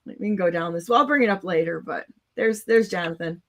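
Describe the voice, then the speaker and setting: A woman's voice: lowish voice, brisk. A woman hosting a casual talk show, talking bluntly and cynically in long, rambling runs. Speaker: show host.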